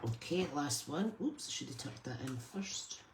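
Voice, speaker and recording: A woman's voice: sits low, sing-song, normal speed, a little hiss or hum. A Scottish woman hosting a live crafting stream, chatting casually and greeting viewers by name as she works. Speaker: crafting channel host.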